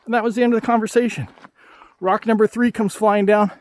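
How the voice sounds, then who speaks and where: A man's voice: high voice, fairly even intonation, fairly quick, a little mellow. A man vlogging outdoors on a hiking trail, chatting and ranting casually as he gives hikers friendly advice. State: out of breath after a hike. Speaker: travel vlogger. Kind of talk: casual vlog talk while hiking.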